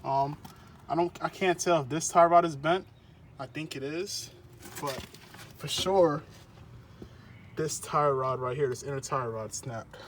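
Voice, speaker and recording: A man's voice: on the high side, unhurried, pauses often, a little hiss or hum. A young man vlogging casually while working on his car, with loose slangy talk and a bit out of breath under a mask. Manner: laid-back slangy talk. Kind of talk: casual vlog narration.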